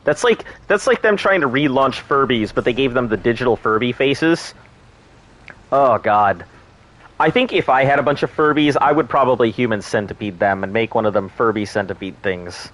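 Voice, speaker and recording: A man's voice: medium pitch, brisk, hardly any pauses, fairly bright tone. A man streaming a survival game, chatting in a rambling, crude, joking way. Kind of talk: casual gameplay commentary.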